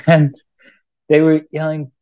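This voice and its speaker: A man in his twenties from Canada, telling a race story in an animated, laughing way. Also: on the high side, takes it slowly, no echo, dull audio. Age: 20s. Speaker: guest ultrarunner. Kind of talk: casual storytelling.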